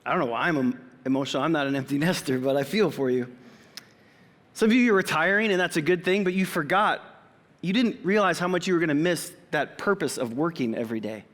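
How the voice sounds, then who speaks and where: A man's voice: a little high, quick pace, a bit bright. A pastor in his forties giving a sermon in a church auditorium, talking conversationally with personal asides. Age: 40s. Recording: long reverb of a church hall.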